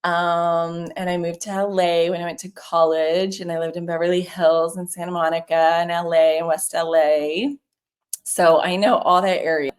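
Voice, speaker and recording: A woman from California with a Californian accent, a real estate broker chatting casually and upbeat while making cold calls. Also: fairly low pitch. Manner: upbeat, chatty, quick bursts of excitement. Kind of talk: casual livestream chat while cold calling.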